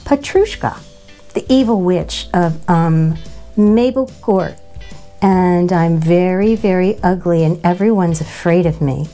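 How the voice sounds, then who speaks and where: A woman's voice: lowish voice, takes it slowly, mellow, soft background music. A woman voicing a little girl who pretends to be an evil witch, boasting in a menacing make-believe way.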